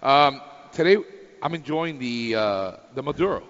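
Bright-voiced, boisterous radio co-host man. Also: mid-range voice, lively intonation, moderate pace, in a large hall, lo-fi sound. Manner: boisterous, teasing, mock-exasperated. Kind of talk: casual radio banter. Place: radio studio.

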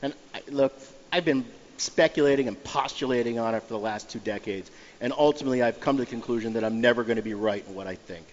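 A man's voice: medium pitch, fast, a little hiss or hum. A man in his fifties telling a story animatedly as a guest in casual podcast chat, laughing often. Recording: dull sound in a reverberant room.

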